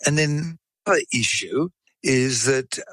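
A man's voice: medium pitch, a little slow, fairly bright tone, no echo, low-quality recording. A man explaining science in a chatty way, telling a case story and acting out what people said. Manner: explanatory, chatty, acts out quoted speech. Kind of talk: conversational storytelling.

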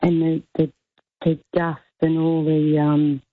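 A woman calling a radio show, recounting a memory in an emotional, rambling way with a husky, gravelly voice. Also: low voice, monotone, slow, a little hiss or hum. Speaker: caller. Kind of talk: phone-in recollection. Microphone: phone. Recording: tinny phone line.

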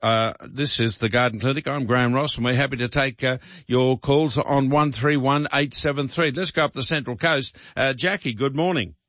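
A man with an Australian accent hosting a talkback gardening show, a little croaky, rambling with restarts and fillers. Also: mid-range voice, fairly even intonation, normal speed, few pauses, a bit bright, no echo, dull audio. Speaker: radio gardening show host. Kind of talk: talkback radio advice.

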